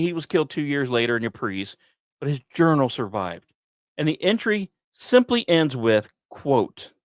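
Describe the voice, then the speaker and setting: A man narrating a history tale on his podcast, his voice rising and falling with drama and slipping into wry asides. He sits at a middle pitch, and the close, dry sound carries no room echo. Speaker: podcast host. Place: small dry studio.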